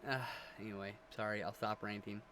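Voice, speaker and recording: Bright-voiced man ranting about movies. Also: fairly low pitch, a little fast, slight background noise. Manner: animated, opinionated, ranting. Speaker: podcast co-host. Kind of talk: casual movie chat.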